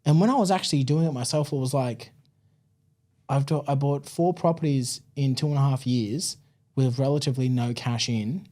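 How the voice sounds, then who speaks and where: An Australian man telling his story as a podcast guest, chatty and relaxed, with plenty of "like" and "man" in his talk. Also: medium pitch, moderate pace. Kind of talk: casual interview storytelling.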